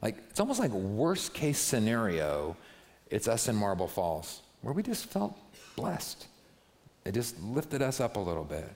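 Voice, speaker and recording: A male pastor giving a casual, conversational sermon full of asides and quick stories. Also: fairly low pitch, big pitch swings, a little mellow, in a large hall. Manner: casual, chatty, lots of asides. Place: church sanctuary.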